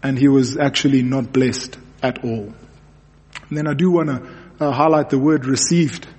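A man's voice: mid-range voice, fairly even intonation, normal speed, a little mellow. Man preaching in a reverberant hall. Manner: earnest, repeats words when stressing a point. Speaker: pastor. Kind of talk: sermon.

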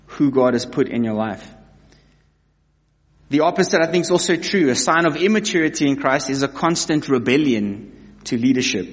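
A man preaching a sermon to his congregation, earnest and emphatic, often repeating key phrases and addressing the listeners as "guys". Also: mid-range voice. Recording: reverberant hall.

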